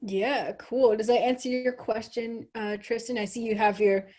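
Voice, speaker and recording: A woman's voice: a little high, normal speed. Chatty young woman hosting a video chat. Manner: relaxed, chatty, many fillers. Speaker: host, trombone player. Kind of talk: casual hosted chat on a video call. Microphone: video call microphone.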